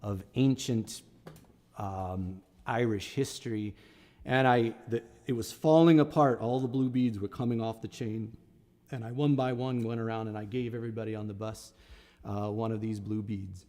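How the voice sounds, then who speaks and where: A man's voice: fairly low pitch, steady tone, normal speed, mellow, in a large hall. A middle-aged man, a singer-songwriter on a live stream, telling a story in a casual and rambling way with many restarts. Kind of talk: casual spoken storytelling between songs.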